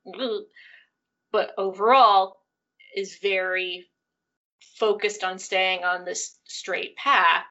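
A woman co-hosting a casual podcast, talking through a film in thoughtful, animated analysis. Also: mid-range voice, slow pace, pauses often. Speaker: podcast co-host. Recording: dull lo-fi audio.

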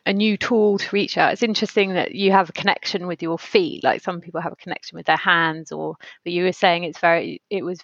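A woman's voice: fairly low pitch, fairly even intonation, brisk, few pauses, fairly bright tone, no room sound. Woman, podcast co-host, casual chat, dry close sound, slightly dull. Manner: chatty, laughs easily.

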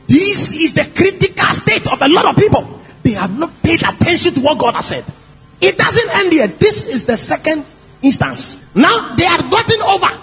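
A male preacher with a very high voice and a lively, swooping delivery. He stresses his points and keeps asking the congregation questions. A long hall echo trails each phrase, with faint music underneath. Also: moderate pace. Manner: animated and emphatic, asks the congregation questions. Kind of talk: sermon.

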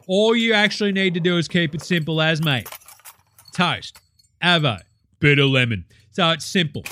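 A man's voice: high voice, sharp tone, a little hiss or hum. A man with an Australian accent voicing a crude, boastful bloke hosting a TV cooking show.

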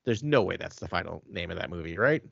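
A man's voice: sits low, animated, fast talker, creaky, no room sound. Man with a dry newscaster-ish delivery. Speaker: podcast co-host. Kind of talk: casual fan chat. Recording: dry, dull lo-fi sound.

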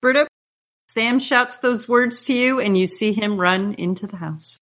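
A woman running a tabletop horror game as game master, narrating scenes in calm, descriptive second person. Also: a little high, a little slow.

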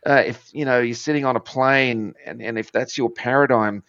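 A man's voice: medium pitch, steady tone, moderate pace, fairly bright tone, dry recording, muffled recording. A man, a podcast guest telling stories in a rambling, self-deprecating way, acting out voices as he goes. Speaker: podcast guest, former musician. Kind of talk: casual conversational storytelling.

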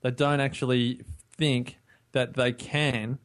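A man's voice: mid-range voice, flat delivery, slow, clear, resonant tone. A man co-hosting a podcast, chatting in a friendly way and asking leading questions. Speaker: podcast co-host. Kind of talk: casual chat.

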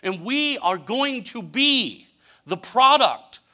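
Fifties male pastor; very animated pitch, folksy, comic whining delivery. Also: slow. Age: 50s. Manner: animated, mock-whining storytelling with a folksy drawl. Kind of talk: humorous sermon.

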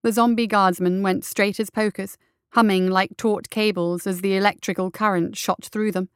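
A woman narrating a story in a measured, even storytelling manner. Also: mid-range voice, clear, resonant tone, dry recording, studio quality. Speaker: audiobook narrator. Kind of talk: scripted narration.

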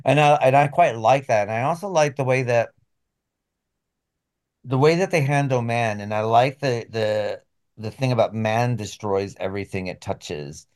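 A man hosting a book podcast, reading a plot synopsis and then discussing the book in loose, halting speech. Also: medium pitch. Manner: hesitant, restarts often when talking freely. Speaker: podcast host.

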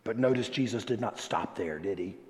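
A man preaching a sermon as pastor, slow and emphatic, dropping at times to soft, low tones. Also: big-room sound.

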